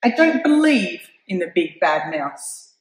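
A woman voicing a young female Gruffalo child, stubborn and bold, with a lively, exclaiming delivery. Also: lowish voice, takes it slowly, echoey room, low-quality recording. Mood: defiant.

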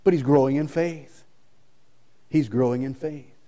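A man's voice: medium pitch, a little slow, dark tone. A male pastor preaching a sermon with emphasis, repeating his key lines.

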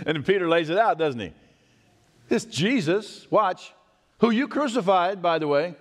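A man preaching a sermon as pastor, conversational and animated, asking the congregation rhetorical questions. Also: high-pitched, moderate pace. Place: church sanctuary. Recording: long hall reverb.

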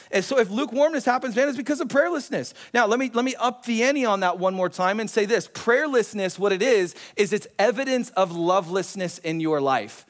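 Young guy pastor preaching, pretty high voice, animated, chatty asides to the room. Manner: animated, storytelling with acted quotes, conversational asides. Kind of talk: sermon. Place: church sanctuary.

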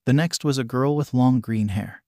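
A man narrating a fan fiction story in a steady, even reading voice. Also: mid-range voice, normal speed, no room sound, studio quality. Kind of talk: fanfic audiobook reading.

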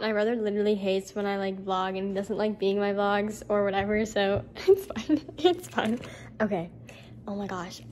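A woman's voice: medium pitch, normal speed, a little mellow, a little hiss or hum. A young woman vlogging in a casual, giggly, rambling way, full of fillers, filmed on a handheld camera at home and out on a night walk. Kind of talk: casual vlog chat.

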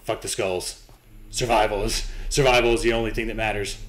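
A young man with a lowish voice talks through a scary game, jittery and cursing as he mutters to himself and taunts what's on screen. A faint hiss of noise sits under his voice. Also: steady tone, a little fast, fairly bright tone. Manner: nervous, swearing, talking to himself and the game. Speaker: gaming channel host. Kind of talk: horror game playthrough commentary.

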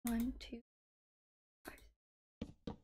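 A woman's voice: very slow, warm tone, a little hiss or hum. A young woman in her twenties, streaming from home, reading chat messages and teasing in a giggly, playful way. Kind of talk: casual live stream chat. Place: home room, in the UK.

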